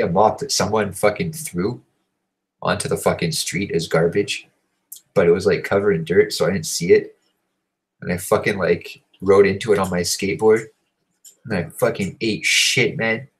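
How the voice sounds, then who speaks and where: A man with a low, deep voice tells a story in a loose, rambling monologue. He swears in almost every sentence and talks with a worked-up, animated edge. He sounds like he is in his thirties. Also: rough recording. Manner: profane, animated, swears constantly. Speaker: host. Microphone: home recording setup.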